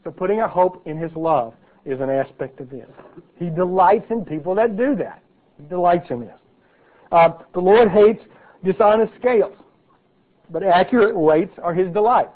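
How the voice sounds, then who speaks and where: A man's voice: high-pitched, lively intonation, normal speed. A man teaching a sermon in a conversational way, checking in with the listeners with "okay" and "right". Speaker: preacher. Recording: tinny phone-like audio.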